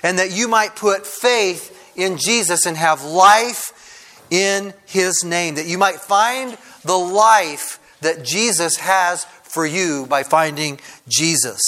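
Guy pastor giving a sermon, chatty, lots of uh and kind of, slightly high voice. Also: bright, forceful tone. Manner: conversational, frequent "kind of" and "uh" fillers.

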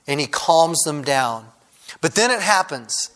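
A man's voice: on the high side, expressive, unhurried, a bit bright. Conversational man preaching a sermon. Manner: conversational, frequent "kind of" and "uh" fillers. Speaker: pastor.

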